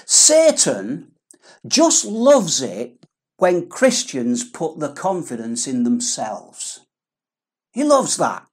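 Slow, lively woman preaching. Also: deep voice, husky. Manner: earnest, emphatic, pleading repetitions. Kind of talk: sermon.

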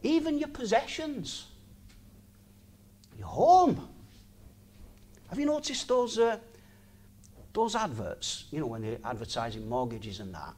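A man's voice: fairly low pitch, a little mellow, slight background noise. A man, talking in an informal sermon, chatty, laughing often and asking the listener rhetorical questions. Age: 60s.

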